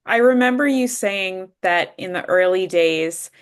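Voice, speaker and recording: A woman interviewer asking careful, measured, prepared questions. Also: medium pitch, smooth.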